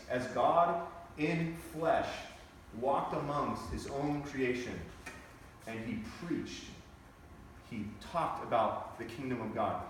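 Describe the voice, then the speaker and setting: An earnest young man tells his personal testimony, swinging between quiet reflection and intense, emphatic bursts. His voice sits at a middle pitch and is heard from a distance. A heavily reverberant space surrounds it. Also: slight background noise. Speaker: speaker giving a testimony. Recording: very echoey, distant from the mic.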